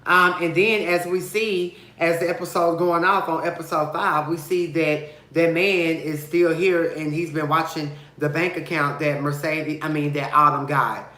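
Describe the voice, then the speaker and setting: A man reviewing a TV show episode in a casual vlog. He talks in a sassy, gossipy and blunt way, full of slang, and makes big dramatic swings in pitch and loudness. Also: fairly even intonation, moderate pace, few pauses, roomy sound.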